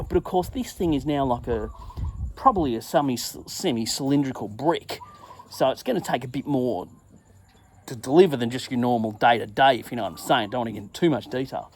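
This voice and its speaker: A middle-aged man hosting his own show, telling a crude, self-mocking travel story in a casual monologue and acting out his own shouts. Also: mid-range voice, animated, quick pace, a little hiss or hum. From England. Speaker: podcast host.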